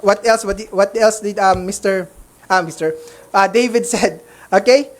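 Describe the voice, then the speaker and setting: A woman's voice: medium pitch, moderate pace. A woman preaching a sermon, often calling her listeners brethren and checking in with them. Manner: calls listeners brethren, keeps checking in with okay.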